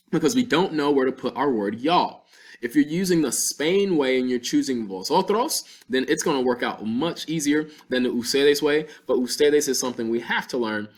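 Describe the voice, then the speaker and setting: Patient male Spanish teacher. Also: a little high. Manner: patient, step-by-step explaining with slowed-down Spanish examples. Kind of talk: classroom-style language lesson.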